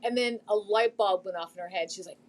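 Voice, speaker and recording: A woman's voice: medium pitch, fairly quick, a little mellow. A middle-aged woman chatting casually on a live stream about a thrift find, rambling a little with lots of fillers.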